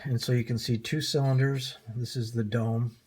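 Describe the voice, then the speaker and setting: An older man with a slightly husky voice talks through a home mechanic's demonstration. He is folksy and self-deprecating, explaining engine parts step by step with frequent ums and uhs. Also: mid-range voice, flat delivery, moderate pace, darkish tone. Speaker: hobby motorcycle mechanic. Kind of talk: casual how-to demonstration.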